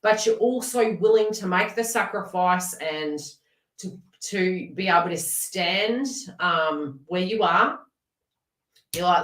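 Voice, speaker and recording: Woman, chatty live tarot reader, lowish voice, off-mic in an echoey room. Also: slow pace, distant mic. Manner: chatty, animated, laughs often and talks to viewers in chat.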